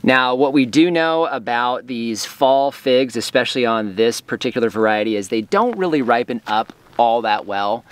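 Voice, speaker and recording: A man's voice: medium pitch, normal speed, hardly any pauses, clear, resonant tone, dry recording. A man casually narrating a farm vlog outdoors, explaining as he walks, with frequent fillers. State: a little out of breath. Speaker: farm vlogger.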